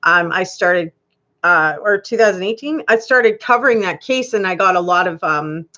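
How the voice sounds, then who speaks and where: A woman's voice: on the low side, animated, moderate pace, bright, forceful tone, dull audio. A woman hosting a live stream, chatting casually with viewers and reading their comments, giggling often. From Canada.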